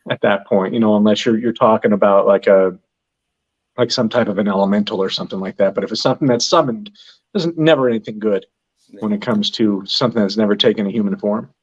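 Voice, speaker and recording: A man's voice: fairly low pitch, slightly rough. A man discusses spirits in an unscripted chat. He halts and repeats himself as he works out his thought. The audio sounds dull and lo-fi. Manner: halting, repeats words. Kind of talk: casual discussion.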